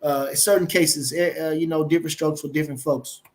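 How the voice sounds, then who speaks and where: A man's voice: a little high, steady tone, fairly quick. A man hosting a casual boxing live stream, rambling and emphatic, cursing freely and reading viewer comments aloud. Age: older. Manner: swearing, rambling, emphatic, reads chat aloud. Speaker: boxing channel host.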